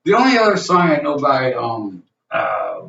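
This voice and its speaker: A man's voice: mid-range voice, huge pitch swings, normal speed, creaky, a bit bright. A middle-aged man from the Upper Peninsula of Michigan, a band member chatting casually with a friend, swearing and laughing often. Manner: profane, laughing, joking banter. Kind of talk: casual chat. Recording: echoey, distant, dull with faint noise.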